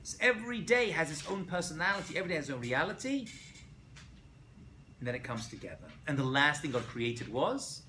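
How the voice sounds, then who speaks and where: A man, a rabbi, giving a casual classroom lecture to students, animated and often checking in with "right?". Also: a little high, brisk, slight background noise. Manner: animated, asks students questions, frequent "right?". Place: college lecture room.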